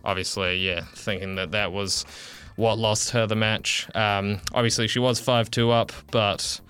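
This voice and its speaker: A man's voice: on the low side, steady tone, a little slow, sharp tone, clear, resonant tone. A man giving a radio sports update, hesitant, with many fillers and restarts. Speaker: sports reporter.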